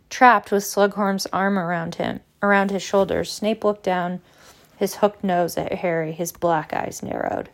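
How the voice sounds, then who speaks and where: A woman narrating a novel aloud, lively, with small slips and restarts. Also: medium pitch, unhurried. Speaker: audiobook reader. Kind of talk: storybook narration.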